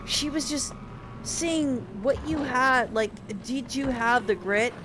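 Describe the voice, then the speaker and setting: A woman's voice: high-pitched, slow, background noise. A young woman casually recapping a game, sarcastic and profane in her exasperation. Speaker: game reviewer.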